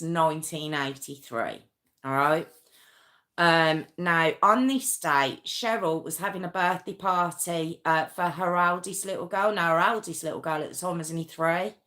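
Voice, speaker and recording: A woman's voice: fairly low pitch, pushed and bright. A woman telling a true crime story on a casual live stream at home, chatty and rambling, with asides and restarts.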